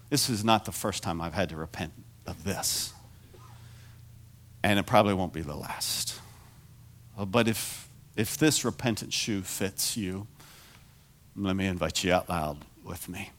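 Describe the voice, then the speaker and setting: A middle-aged man preaching a sermon as pastor, animated and self-deprecating, moving from quiet confession to near shouting. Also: fairly low pitch, a little slow, pauses often.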